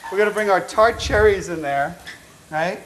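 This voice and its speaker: A man's voice: high-pitched, normal speed, a bit bright, a little hiss or hum, poor audio. A man hosting a cooking show, giving upbeat, chatty step-by-step instructions with an encouraging, teasing manner. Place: show kitchen at the stove.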